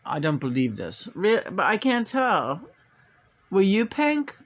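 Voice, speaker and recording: Playful, slightly high-voiced man rambling. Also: very animated, slow. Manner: playful, hesitant, breaks into meowing sing-song. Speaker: tarot reader. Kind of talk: casual rambling chat.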